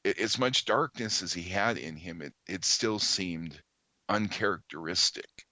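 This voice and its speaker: A man, a podcast guest, earnestly telling a story in conversation, halting with many ums and restarts. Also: low-pitched, sharp tone, no room sound, highs cut off.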